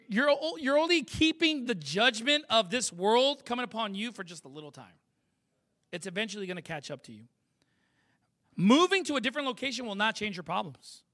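Male pastor, very high voice, punchy emphatic sermon delivery, keeps asking the crowd questions. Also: sharp tone. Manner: emphatic preaching with rhetorical questions.

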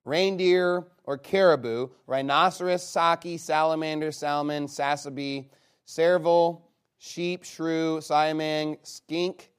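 A man leading a casual game with an audience. He reads a long list aloud and breaks it up with quick, teasing asides. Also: fairly high pitch, fairly even intonation, smooth. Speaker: game leader reading out his list to players.

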